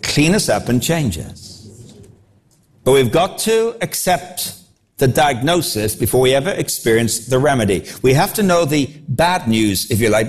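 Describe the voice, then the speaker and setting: A man preaching a sermon, animated and quick to act out the voices of the people he quotes. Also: on the high side.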